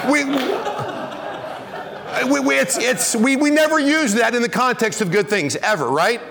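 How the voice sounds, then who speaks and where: A middle-aged man preaching a sermon as pastor, telling a story and rising to near shouts when excited. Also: very high-pitched, moderate pace.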